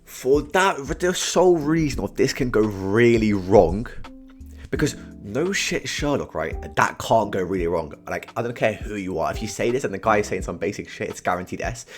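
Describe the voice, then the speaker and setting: A young British man ranking phrases in casual comedy commentary, full of slang and "bro", veering from low mumbles to sudden shouted verdicts. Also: moderate pace, soft background music. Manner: slangy and animated, keeps saying "bro", swings from mumbling to shouting. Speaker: tier list host.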